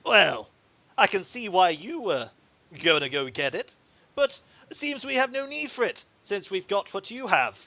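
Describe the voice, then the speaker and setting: A man's voice: sits high, big pitch swings, no room sound, highs cut off, voice pushed up, full character voice. Man putting on a sneering bandit boss. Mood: menacing. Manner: loud, sneering, drawn-out threats. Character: swaggering male bandit leader, menacing and mocking.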